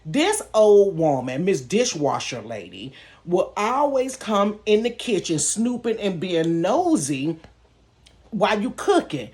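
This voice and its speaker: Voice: mid-range voice, huge pitch swings, takes it slowly, a little mellow. A vlogger telling a personal story casually and candidly from their bedroom, talking straight to viewers and laughing now and then. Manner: talks straight to viewers, calling them "y'all"; candid and emotional, with laughs in between. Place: own bedroom.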